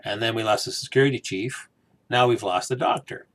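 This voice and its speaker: A man's voice: mid-range voice, fairly quick, fairly bright tone. A man giving a casual spoken review and recap of a TV episode, chatty, full of fillers, briefly acting out quoted lines. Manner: chatty, acts out quoted lines in little voices; many fillers like "you know" and "uh".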